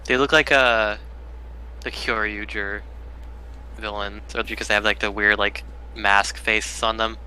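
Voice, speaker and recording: A man's voice: fairly low pitch, little pitch movement, a little slow, sharp tone, slight background noise, poor audio. A man adding offhand, trailing comments in a casual live-stream discussion.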